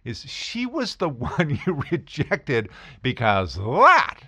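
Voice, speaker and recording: Animated male storyteller. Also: fairly high pitch, slow pace, husky, dry recording. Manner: animated, acts out voices of people in his stories. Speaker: podcast host telling stories. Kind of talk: casual storytelling.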